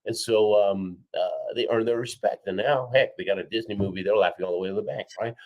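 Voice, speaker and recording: A man with a fairly low voice tells a story as a guest in an interview. He is energetic and lively, acting out quoted people and checking in with "right?" and "okay?". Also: a little fast, highs cut off. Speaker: guest, four-time Olympian and keynote speaker. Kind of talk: animated storytelling in a podcast interview.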